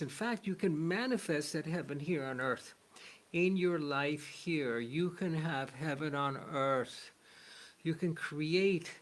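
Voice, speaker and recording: A male spiritual teacher lectures in an earnest storytelling manner, weaving a parable into his lesson. His voice sits somewhat high, and he speaks at a slow pace. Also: a bit bright. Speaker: shamanic teacher.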